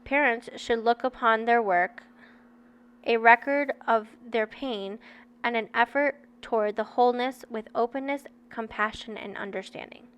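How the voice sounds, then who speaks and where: A woman's voice: on the high side, a little slow, fairly bright tone, clear, resonant tone, lo-fi sound. A woman in her thirties reading a book aloud and breaking off into candid, chatty personal asides to her viewers. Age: 30s.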